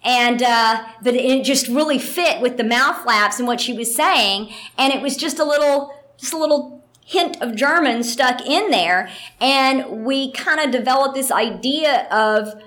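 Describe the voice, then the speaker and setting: A voice actress tells stories during a casual interview, chatty and animated, sprinkling in plenty of fillers. Her voice is high-pitched and her pace unhurried.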